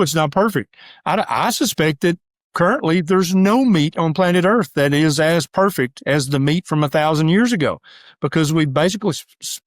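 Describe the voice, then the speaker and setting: A middle-aged man speaks in a lively, emphatic manner, with a voice that sits slightly high for a man. He fires off his points quickly and slips into the voices of imagined critics. The sound is close and dry. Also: dry recording. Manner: emphatic, rapid-fire, acts out voices of critics. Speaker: doctor and guest. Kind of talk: animated casual interview talk.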